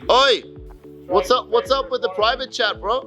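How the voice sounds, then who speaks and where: A man's voice: extremely high pitch, moderate pace, bright, forceful tone, soft background music. A man who coaches fighters, talking casually and reflectively about his former students. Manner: reflective, then teasing and laughing with students. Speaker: fight coach and channel host. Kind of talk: casual vlog narration and gym banter. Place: fight gym. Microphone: camera-mounted shotgun mic.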